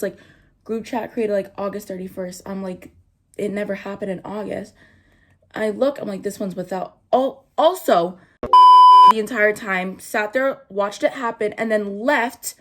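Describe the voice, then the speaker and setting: A young woman talking through a story as she does her makeup. She is chatty and casual, swears freely, and slips into the voices of the people she quotes. Her voice sits at an ordinary middle pitch for a woman. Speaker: vlogger. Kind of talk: storytime chat while doing makeup.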